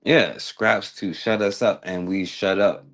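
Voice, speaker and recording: A man's voice: on the low side, steady tone, measured pace, fairly bright tone. A man hosting a talk radio show, giving blunt, emphatic commentary with a sarcastic edge.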